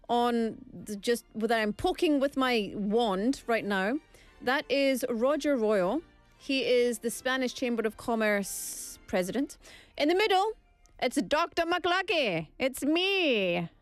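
Woman vlogging, chatty and joking at herself, highish voice, soft music in the back. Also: dry recording. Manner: chatty, self-mocking, laughs a lot. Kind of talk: casual chatty vlog.

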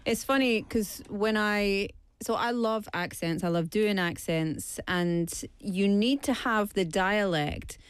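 A woman, chatting in a lively way and correcting herself. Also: medium pitch, slow pace, hardly any pauses, smooth, no echo. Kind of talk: casual chat.

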